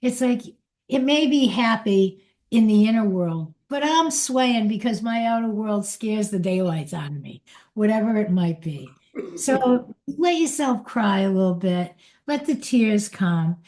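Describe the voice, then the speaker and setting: An older woman giving an inspirational spiritual talk in a gentle, unhurried and reflective way. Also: medium pitch, lively intonation. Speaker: spiritual teacher.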